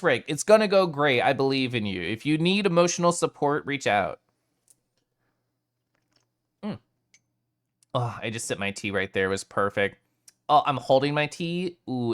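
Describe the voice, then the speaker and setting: A man streaming live, chatting casually with his viewers in an animated way and swearing now and then. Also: medium pitch.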